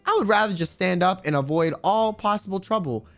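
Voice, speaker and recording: High-voiced joking male streamer. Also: a little fast. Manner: rambling, crude and joking. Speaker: live streamer. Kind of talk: casual live-stream chat. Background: faint background music.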